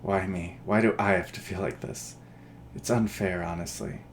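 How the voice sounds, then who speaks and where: A man voicing a brooding, flirtatious male grim reaper in a dating game, with a low, teasing delivery. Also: steady tone, normal speed, vocal fry, a little hiss or hum. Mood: confessing. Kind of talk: voiced dating-game dialogue.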